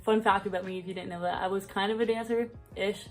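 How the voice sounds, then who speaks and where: A young adult woman telling personal stories in casual vlog chat, rambling, full of "like" and quick laughs. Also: mid-range voice, fairly even intonation, soft background music. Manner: rambling, fills speech with "like", laughs often. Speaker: vlogger.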